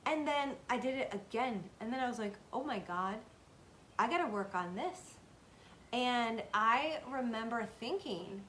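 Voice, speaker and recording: Earnest woman in her 30s, pretty high voice, motivational chat, repeats stuff for emphasis, faint rumble behind. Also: a bit bright. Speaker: self-help video host. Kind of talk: casual motivational talk to camera.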